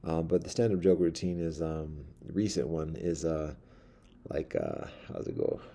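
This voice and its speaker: Deep, gravelly man doing a halting, wry solo monologue. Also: lively intonation, mellow, slight background noise. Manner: halting, many restarts, wry. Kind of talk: rambling comic monologue.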